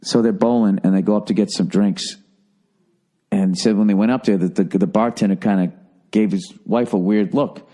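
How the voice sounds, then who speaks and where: A man's voice: lowish voice, fairly even intonation, moderate pace, dark tone. An American man hosting a podcast, talking bluntly and profanely, sarcastic, giving advice in casual chat. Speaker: podcast host.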